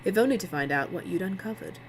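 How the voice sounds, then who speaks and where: A woman's voice: lowish voice, lively intonation, fast, slight background noise, rough recording. Dry cutting man, cool and clipped, woman reading it. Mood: cold.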